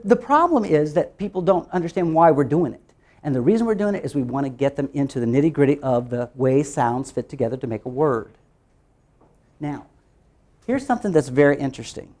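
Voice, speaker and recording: A man training teachers in a phonics workshop, lively and quick to jump in pitch, asking questions and answering them himself as he chants through repeated steps.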